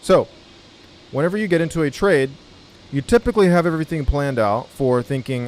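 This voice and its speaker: Laid-back male trading tutor, blunt and profane, mid-pitched voice. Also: animated, quick pace, darkish tone. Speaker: trading educator. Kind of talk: casual video tutorial.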